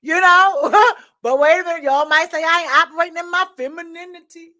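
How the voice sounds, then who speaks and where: A high-pitched woman hosts a candid opinion show. She tells stories animatedly and keeps checking in with her listeners. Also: a little fast. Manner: animated storytelling, frequent rhetorical "right?" and laughter. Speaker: podcast host. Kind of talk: candid opinion talk addressing viewers.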